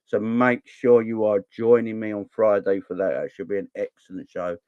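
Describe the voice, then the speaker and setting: A man's voice: on the low side, fairly even intonation, normal speed, clean tone, dry recording, lo-fi sound. A man in his forties from southern England, hosting a casual live stream and chatting back to viewer comments. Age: 40s. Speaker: fan channel host.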